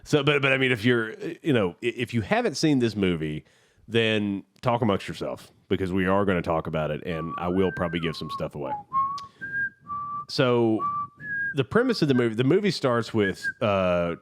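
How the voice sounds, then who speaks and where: A man's voice: on the low side, very animated, moderate pace, a little hiss or hum. A man co-hosting a podcast, retelling a movie in rambling casual chat with many restarts. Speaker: podcast co-host.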